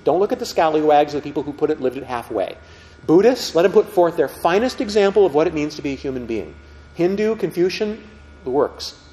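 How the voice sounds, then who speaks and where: A middle-aged man teaching a group about faith, speaking conversationally and often asking the audience questions. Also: mellow. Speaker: Catholic teacher. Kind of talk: storytelling talk to a group. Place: meeting room with tables. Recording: reverberant hall, faint rumble.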